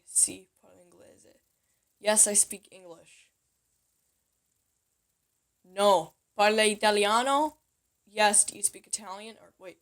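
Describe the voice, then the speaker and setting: A woman giving a casual, home-made language lesson in a chatty, playful way, often correcting herself. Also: medium pitch. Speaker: language teacher.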